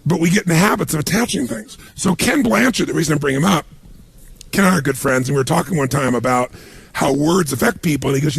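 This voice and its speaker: A man giving a motivational seminar talk to a live audience, telling stories with punchy, animated emphasis and a gravelly, raspy voice. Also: on the high side, fast talker, dry recording. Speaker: motivational speaker.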